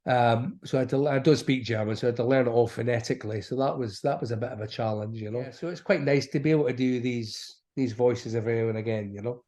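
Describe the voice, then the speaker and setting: A man's voice: mid-range voice, fairly even intonation, fast, few pauses, darkish tone. A middle-aged man with an Aberdeen Scottish accent, chatting as an actor guest in an interview, rambling with many restarts. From Aberdeen, Scotland. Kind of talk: casual interview chat.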